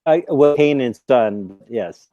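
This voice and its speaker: A man's voice: medium pitch, expressive, slow pace, no echo, dull audio. An American man chatting on a sports show, joking and laughing along. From United States. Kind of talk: casual chat.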